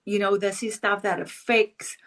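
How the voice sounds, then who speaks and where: A woman's voice: mid-range voice, fairly even intonation, normal speed, fairly bright tone. A South African woman co-hosting a podcast, speaking earnestly and with feeling. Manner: earnest, heartfelt, emotional. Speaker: podcast co-host. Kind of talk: casual chat.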